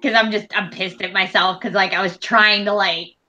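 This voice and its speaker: A woman playing a tabletop game, talking in a casual, halting way. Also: mid-range voice, fairly even intonation, pushed and bright, lo-fi sound, soft background music. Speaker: player.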